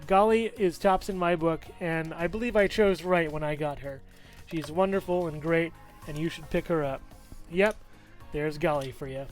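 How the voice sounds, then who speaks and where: A man with a noticeably high voice talks through a toy review in an upbeat, chatty way. He handles the figure as he goes, pointing out each part. Soft music plays faintly behind him. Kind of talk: casual product review.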